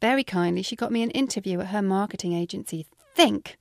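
A woman's voice: medium pitch, brisk, few pauses, darkish tone. A British woman reads from her memoir aloud, her delivery wry and drily funny. Her voice sits mid-range and sounds close and dry, with no room echo. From Britain. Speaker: author.

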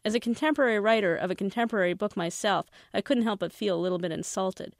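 A woman's voice: medium pitch, quick pace, no echo, studio quality. Woman reading her novel aloud. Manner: wry first-person narration.

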